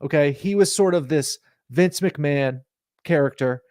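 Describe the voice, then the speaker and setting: A man's voice: a little high, measured pace, a little mellow, dry recording, studio quality. A man hosting a sports talk show, pressing his point insistently and building long analogies in casual debate.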